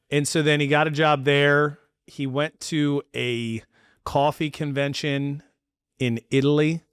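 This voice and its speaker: A man hosting a podcast, telling a story in a casual chat and acting out the quotes with lively energy. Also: medium pitch, clean tone, dry recording, clean studio sound. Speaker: podcast host.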